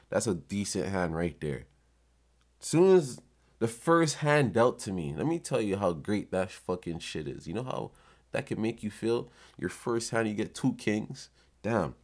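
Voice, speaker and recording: A podcast host with a very low voice tells a story. He is swaggering, casual and profane, and leans back into an unhurried delivery full of asides.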